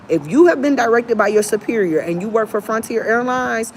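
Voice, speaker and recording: A young woman venting about airline customer service in an opinionated rant to camera, now and then putting on a soft, polite service voice. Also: on the high side, lively intonation, fairly quick, a little hiss or hum. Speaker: travel vlogger.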